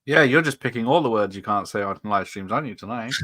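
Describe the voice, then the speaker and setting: Bright-toned, giggly man hosting. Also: fairly low pitch, lively intonation, fast. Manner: giggly, frequent laughter, swears. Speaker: watch-party host. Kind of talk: casual watch-party chat.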